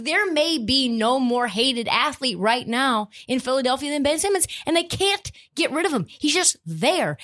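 A woman's voice: high-pitched, fairly bright tone. Blunt, profane woman hosting a podcast. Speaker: podcast host. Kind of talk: opinionated sports podcast rant.

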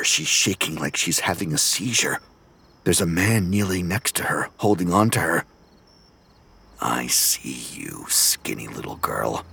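Slow, deep-voiced male storyteller. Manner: slow, low, menacing, sometimes hushed to a whisper. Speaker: audiobook narrator. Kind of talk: first-person story narration.

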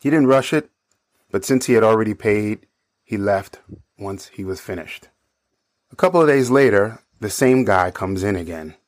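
Deep-voiced man narrating an anecdote. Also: expressive, moderate pace, no echo, clean studio sound. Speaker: storyteller. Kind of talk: told personal anecdote.

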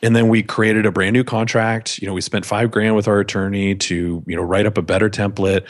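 A man's voice: on the low side, little pitch movement, a little fast. A man, a business owner guest on a podcast interview, telling candid, self-deprecating stories from his work.

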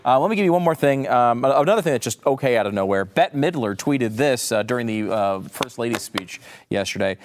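A man's voice: mid-range voice, expressive, a little fast, few pauses. A man hosting an opinionated commentary show, sarcastic and indignant, often restarting his sentences. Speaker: political commentary host.

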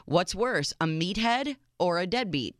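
A woman co-hosting a radio talk show, asking playful quick questions and teasing her co-hosts. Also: lowish voice, expressive, dry recording, clean studio sound. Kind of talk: casual radio chat.

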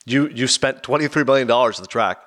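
A man's voice: medium pitch, fast. A man co-hosting a casual podcast, retelling anecdotes and briefly acting out the people in them. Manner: animated storyteller, acts out quoted people. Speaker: podcast co-host.

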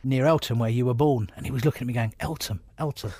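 A middle-aged man from England, telling stories from his stand-up career in an animated, laughing way. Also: medium pitch, very fast, no echo. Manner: animated storyteller, laughs often. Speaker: comedian guest. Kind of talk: casual anecdotal chat.

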